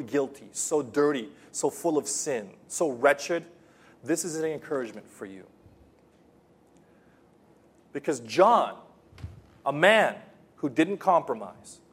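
A man preaching a sermon with passion, repeating phrases for emphasis and moving between soft, quiet lines and loud, rising ones. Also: mid-range voice, husky. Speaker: pastor.

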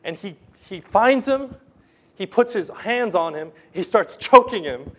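Earnest male preacher, unhurried, fairly high-pitched, repeats points for emphasis. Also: animated. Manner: earnest, questioning the congregation, repetitive emphasis. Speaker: pastor. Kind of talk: sermon.

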